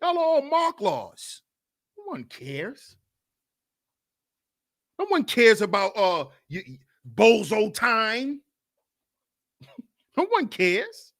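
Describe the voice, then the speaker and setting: An animated man hosts a livestream, his high voice leaping up and down as he mocks and asks "you see?" His tone is bright and cutting. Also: slow pace, pauses often. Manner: animated, mocking, keeps asking "you see". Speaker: podcast host. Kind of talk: livestream commentary.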